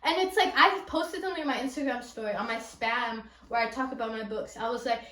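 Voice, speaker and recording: A high-pitched young woman with a Californian accent rambles excitedly through a book review, full of "like" and "um". She sits a little back from the camera mic, and the room around her is echoey. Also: quick pace, few pauses, far from the mic, slight background noise. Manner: gushing, rambling, lots of "like" and "um". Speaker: book vlogger. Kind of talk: casual book review chat.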